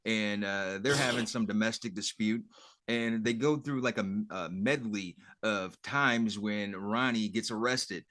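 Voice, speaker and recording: A man's voice: fairly low pitch, unhurried, fairly bright tone, no room sound, clean studio sound. A man co-hosting a podcast in casual chat, easygoing and rattling off details as he recaps a show. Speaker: podcast co-host.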